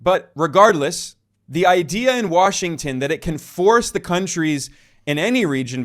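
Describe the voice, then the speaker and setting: Higher-voiced male news narrator. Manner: measured, emphatic delivery with quoted passages. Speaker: journalist narrating a news report.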